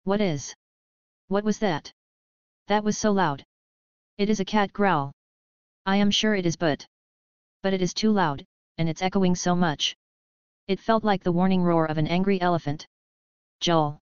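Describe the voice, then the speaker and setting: A woman's voice: on the low side, measured pace, pauses often, clear, resonant tone, no echo, close to an everyday voice. A woman voicing a startled young man who puzzles aloud in plain, questioning speech. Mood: puzzled. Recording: dull lo-fi audio.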